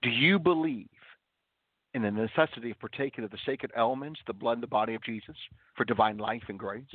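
A man's voice: mid-range voice, no echo. A man preaching earnestly as a radio host, leaning on repeated rhetorical questions and stressed words. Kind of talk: radio sermon. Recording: dry, tinny phone-like broadcast audio.

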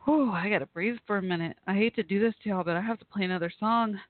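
A woman's voice: medium pitch, quick pace. Giggly forties woman host on a tinny line. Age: 40s. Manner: rambling, laughs often, chatty with listeners. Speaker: podcast host. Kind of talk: casual live call-in show talk. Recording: tinny phone-like line, dry.

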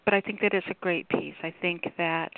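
A woman hosts a call-in poetry radio show, chatting casually and rambling with plenty of fillers. Her voice is on the low side, brisk, with fairly even intonation, and the audio sounds tinny like a phone line.

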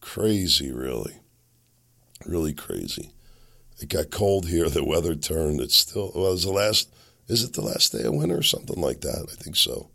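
A man hosting a podcast while sick and losing his voice. He rambles and makes sarcastic, muttered asides into a desk boom mic. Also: very animated, normal speed, gravelly, sharp tone. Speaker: podcast host. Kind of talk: casual commentary monologue. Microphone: boom microphone on a desk.

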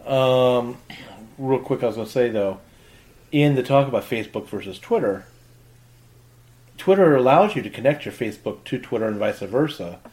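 A man's voice: mid-range voice, animated, moderate pace, long pauses, a little mellow. A man co-hosting a casual panel chat, asking questions and building on others' points. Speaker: podcast co-host.

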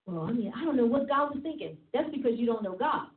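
Her voice sits on the high side, animated and quick as this woman apostle delivers a teaching sermon. She repeats herself emphatically, chatting and laughing along the way, over tinny, phone-like audio in an echoey room.

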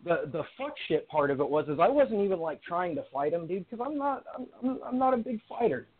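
A man's voice: high voice, very animated, fairly quick. A man calling in, telling a story in a rambling, profane way with lots of restarts. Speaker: caller. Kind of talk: casual storytelling. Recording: tinny phone line.

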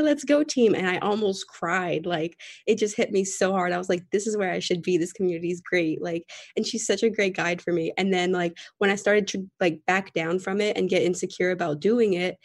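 A young woman, a guest on a group video call, talking in a rambling, heartfelt way with many fillers. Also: mid-range voice. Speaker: podcast guest. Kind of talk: casual sharing in a group call.

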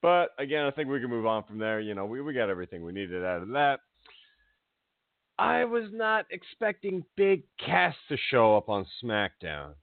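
A man co-hosting a casual wrestling chat, talking in an animated, rambling way and laughing often. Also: medium pitch, normal speed, dry recording. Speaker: podcast co-host. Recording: dry, phone-like audio.

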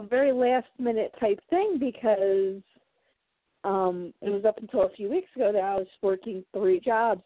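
A woman's voice: mid-range voice, no room sound. A woman co-hosting a casual podcast, chatting and rambling with fillers. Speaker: podcast co-host. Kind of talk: casual chat. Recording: tinny phone-like line, dry.

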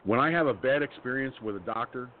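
A radio talk show host with a mid-range voice speaks quickly in a blunt, angry, profane rant while telling personal stories. The audio comes over a phone-like line with faint noise.

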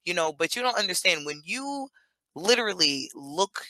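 A woman's voice: lowish voice, sing-song, normal speed, pushed and bright, no echo, rough recording. A woman guest on a podcast, talking casually and chattily with lots of "you know" and "like". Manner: chatty, filler-heavy with frequent "you know" and "like".

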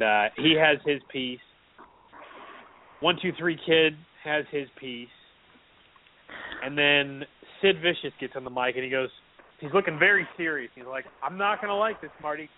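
A man in his late twenties hosting a casual wrestling chat show, telling animated stories and mimicking wrestlers. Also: medium pitch, a little hiss or hum. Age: late 20s. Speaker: podcast host. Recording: tinny phone-line sound.

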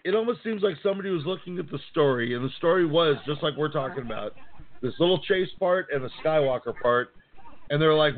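A man co-hosting a podcast in casual chat, animated and profane, often acting out quotes. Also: on the high side, quick pace. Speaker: podcast co-host. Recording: tinny phone-like sound.

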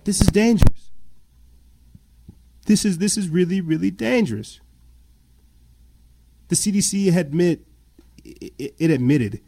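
A man's voice: medium pitch, mellow. A man giving agitated, repetitive commentary and reading news aloud, his voice rising when indignant. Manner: agitated, repeats himself, voice rises when indignant. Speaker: podcast host.

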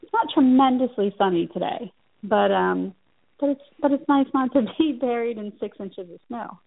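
A woman's voice: on the high side, normal speed, gravelly. A woman from Central Ohio, a nutrition practitioner, chatting as a guest in an interview and laughing often. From Central Ohio, USA. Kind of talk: casual interview chat. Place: New York City. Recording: tinny phone-like line.

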